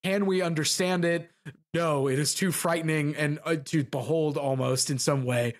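A man's voice: fairly high pitch, steady tone, normal speed. Man co-hosting a book podcast. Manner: reads passages aloud, stumbles and restarts. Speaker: podcast co-host. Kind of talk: casual book discussion.

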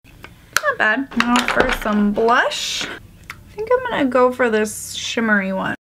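A woman's voice: fairly high pitch, very animated, unhurried, a bit bright, a little hiss or hum. A woman vlogger chatting casually through a makeup tutorial, joking about her own mistakes. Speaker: beauty vlogger.

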